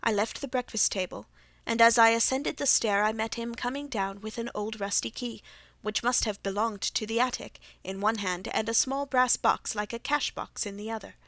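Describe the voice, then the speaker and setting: A woman narrating a classic mystery audiobook in a measured, even storytelling manner. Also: a little high, no room sound. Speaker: audiobook reader. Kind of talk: scripted narration.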